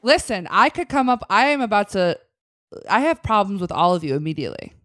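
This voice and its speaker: A woman playing a blunt, bossy HR representative in a comedic tabletop game, stern and deadpan. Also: mid-range voice, a little fast, a little hiss or hum. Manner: stern, deadpan insults, frequent laughing. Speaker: guest player.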